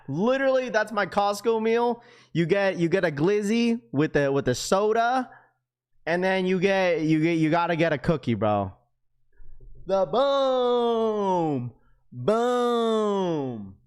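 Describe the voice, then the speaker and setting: A man's voice: high voice, big pitch swings, normal speed, clear, resonant tone. A young man hosting a live stream who chats loosely and slangily with his viewers and laughs often. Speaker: livestream host. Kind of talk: casual live-stream chat.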